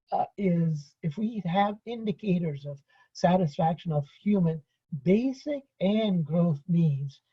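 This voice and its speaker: A man with a raspy, breathy voice that sits a little high gives an unscripted webinar lecture. He talks through his points with fillers and restarts. His voice comes through a computer mic on a video call, and the audio is dull and lo-fi.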